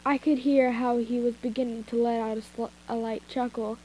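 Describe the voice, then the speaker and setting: A woman's voice: fairly high pitch, steady tone, moderate pace, hardly any pauses, a little mellow, slight background noise, poor audio. A woman reading fanfiction aloud in an informal way, breaking off for asides and retakes, recorded on a phone. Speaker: fanfiction reader. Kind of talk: amateur story reading.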